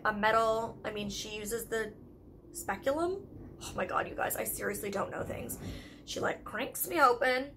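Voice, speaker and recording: Young canadian woman vlogging, chatty and candid, tons of "like", a bit higher voice, faint hiss behind. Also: fairly bright tone. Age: young adult. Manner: chatty, candid, lots of "like" fillers. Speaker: YouTube vlogger. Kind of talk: casual storytelling vlog.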